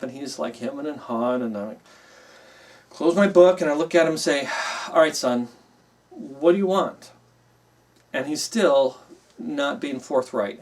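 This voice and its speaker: A man's voice: a little high, recorded from a distance. A middle-aged man teaching a Bible class in a conversational way, with frequent fillers and an emphatic voice when he quotes himself. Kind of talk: classroom teaching, explaining with a story.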